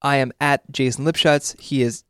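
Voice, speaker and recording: A man hosting a music podcast, talking quickly and playfully with easy laughs. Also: mid-range voice, fairly even intonation, clean tone, dry recording, clean studio sound. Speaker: podcast host. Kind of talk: casual chat.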